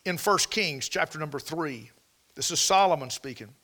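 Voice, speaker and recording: Male preacher, sermon, higher voice, folksy, emphatic, rhetorical questions. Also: expressive, moderate pace, pushed and bright.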